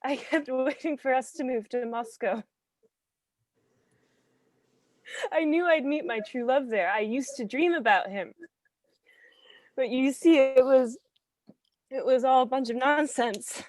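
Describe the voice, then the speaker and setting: Een vrouw speelt een wanhopige jonge vrouw. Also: female voice, sits high, darkish tone, no room sound. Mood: wistful. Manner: breaking between sobs and laughter, halting. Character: young woman, twenty-three, weary and despairing. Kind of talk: staged play reading.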